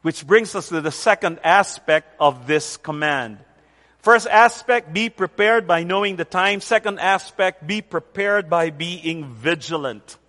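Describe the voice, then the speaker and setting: A man preaching a sermon as pastor, deliberate and emphatic, repeating key phrases for weight. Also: a little high, pushed and bright, big-room sound. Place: church center with rain on the roof.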